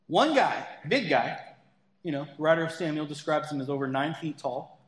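High, bright-voiced preacher in an echoing hall. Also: male voice, moderate pace, husky. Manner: conversational preaching with playful asides. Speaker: pastor. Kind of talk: sermon. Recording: echoey hall with long reverb.

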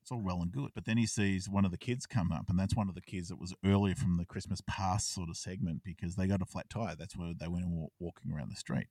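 A low-voiced man chats casually about a TV episode he has watched. He retells it in an animated way and acts out the characters' lines. The sound is dry, with the mic set back a little from him. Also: quick pace, few pauses, dry recording, far from the mic. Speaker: podcast co-host. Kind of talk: casual chat reviewing a TV episode.

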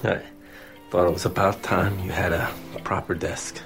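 A man's voice: low-pitched, level tone, normal speed, creaky, faint music behind. An actor playing a resentful, harried father in a period film, bitter and worn down. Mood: tender. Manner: bitter, shouting in anger, later quietly weary. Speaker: film character.

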